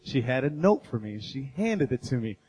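A man, a guest speaker, telling a funny personal story in a sermon, animated and acting out voices and sounds. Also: medium pitch, fairly quick. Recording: echoey hall.

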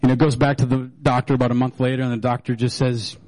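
A man's voice: mid-range voice, level tone, fast, a little mellow. A male pastor preaches in a loose, joking manner, telling stories with plenty of fillers and restarts. His voice sits in a middle range. The sound is dry and close, with no room echo. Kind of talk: sermon.

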